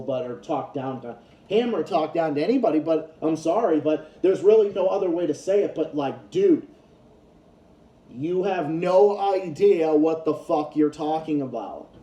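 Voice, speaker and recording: A man's voice: on the high side, normal speed, dark tone, reverberant. A man ranting in a casual commentary vlog, heated and profane, often restarting his sentences. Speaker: YouTube commentator.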